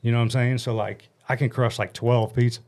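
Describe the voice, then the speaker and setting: Blunt, animated storytelling guy in his forties. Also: mid-range voice, a little fast. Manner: animated, blunt, swears freely. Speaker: podcast guest. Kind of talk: casual storytelling chat. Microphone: studio mic on a stand.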